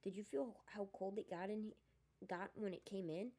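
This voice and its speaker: A woman voicing a timid, frightened teenage boy in an audiobook reading, pitched higher than usual. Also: moderate pace, warm tone, natural voice.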